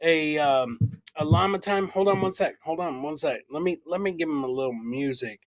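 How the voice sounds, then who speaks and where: A middle-aged man co-hosting a podcast, telling a true-crime story in a loud, profane, jokey way. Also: on the high side, moderate pace. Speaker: podcast co-host. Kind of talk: casual true-crime chat.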